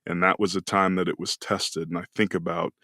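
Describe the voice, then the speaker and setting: A man's voice: deep voice, level tone, a little fast, gravelly, sharp tone, dry recording, studio quality. A man in his forties from California, a podcast guest and former football player, telling a personal story in an earnest, reflective, emotional way. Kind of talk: casual storytelling conversation.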